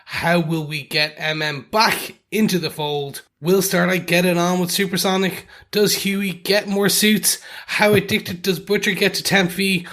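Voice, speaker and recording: Bright-voiced British podcast host. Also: male voice, high-pitched, fairly even intonation, a little slow, few pauses. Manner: reads listener feedback aloud, chatty, trails into restarts. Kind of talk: casual chat.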